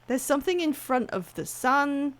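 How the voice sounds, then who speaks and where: A woman's voice: high voice, big pitch swings, moderate pace. A woman streaming a video game, chatting casually with her viewers, swearing, laughing and reacting as she plays. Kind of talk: casual gameplay commentary.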